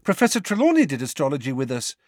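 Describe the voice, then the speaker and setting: A man's voice: sing-song, a bit bright, dry recording, studio quality. A man voicing an eager, earnest teenage schoolgirl in an audiobook. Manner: eager, quick and high. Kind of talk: audiobook character voice.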